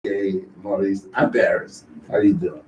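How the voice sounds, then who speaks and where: A man's voice: low voice, steady tone, normal speed, darkish tone, rough recording. Man, radio talk show host, casual chat, frequent laughter, faint noise behind. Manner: laughs often, repeats himself.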